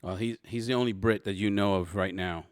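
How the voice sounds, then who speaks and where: Give me a man with a lowish voice, game-mastering a tabletop game in a dry room with halting narration. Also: steady tone, clean tone, no room sound. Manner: halting, restarts often while describing scenes.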